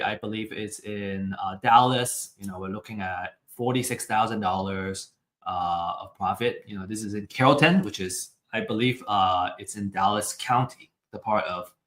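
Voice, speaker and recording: A man's voice: lowish voice, a bit bright. A man giving a live real estate webinar presentation, talking hesitantly with many fillers. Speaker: webinar speaker. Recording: roomy echo.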